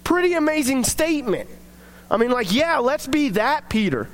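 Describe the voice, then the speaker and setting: A young man with a strikingly high voice gives a casual devotional talk. He rambles in a chatty, filler-heavy way as he tells a story and draws a lesson from it. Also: big pitch swings, normal speed. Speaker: devotional speaker.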